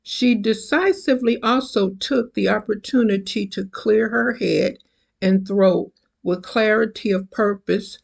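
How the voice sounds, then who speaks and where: An author in their seventies reading their own fiction aloud, taking each phrase slowly and carefully. The voice has a gravelly, creaky texture and a measured, unhurried delivery. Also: medium pitch. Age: 70s. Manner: slow, deliberate, careful reading. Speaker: self-published author. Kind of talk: reading own novel excerpt.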